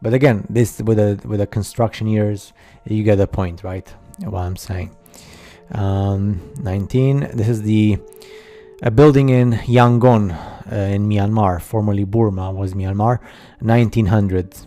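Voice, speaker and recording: Dark-voiced man, halting skeptical narration. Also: fairly low pitch, steady tone, faint music behind. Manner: halting, many fillers and restarts, skeptical asides. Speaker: narrator of a slideshow video. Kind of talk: casual voice-over commentary.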